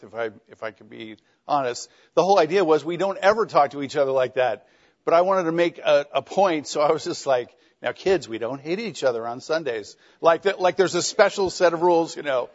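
A middle-aged man teaching a class, lecturing conversationally with wry jokes and questions to students. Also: on the high side. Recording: dull lo-fi classroom recording.

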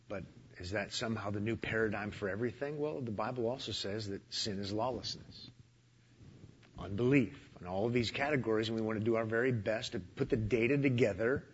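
A man speaking bluntly in a conversational interview, with dry humor and thoughtful pauses. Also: on the low side, dull audio, a little hiss or hum.

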